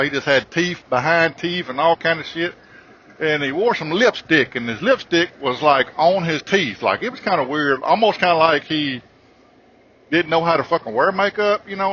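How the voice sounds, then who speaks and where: A man hosting a podcast, telling a comic story in a rambling, profane, animated way. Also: on the high side, highs cut off. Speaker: podcast host.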